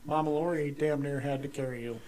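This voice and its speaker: A man co-hosting a podcast who chats casually and drops dry, deadpan jokes. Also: on the high side, a little fast, rough recording. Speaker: podcast co-host. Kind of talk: casual chat.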